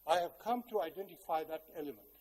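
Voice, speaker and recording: An older South African man addresses a large hall, his fairly high voice mellow and warm rather than bright. He tells his story in a measured, reflective way with touches of wry humor. His words ring out with a long hall reverb behind them. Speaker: guest speaker. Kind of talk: public speech with personal storytelling.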